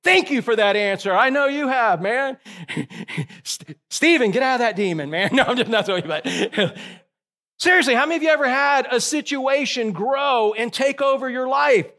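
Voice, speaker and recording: A man preaching a sermon, animated and joking with his congregation between points. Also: very high voice, normal speed. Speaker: pastor.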